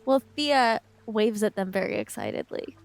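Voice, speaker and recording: A woman's voice: fairly high pitch, moderate pace, gravelly. A woman playing a tabletop game, describing her character's actions in a friendly way. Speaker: player. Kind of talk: tabletop role-play chat.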